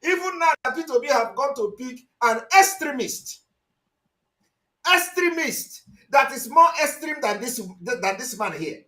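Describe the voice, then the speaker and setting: A man with a Nigerian accent commenting on news clips during a livestream, agitated and repetitive, sometimes shouting. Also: very high voice, animated, a little slow, roomy sound. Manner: agitated, repeats phrases, shouts at points. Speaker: online commentator.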